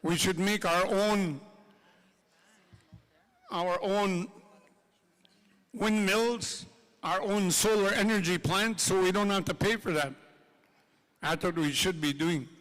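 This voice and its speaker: A man's voice: sits high, fairly bright tone. A man giving an impassioned speech at a gathering, repeating his points and addressing the audience directly. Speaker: speaker at a treaty gathering. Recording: long hall reverb.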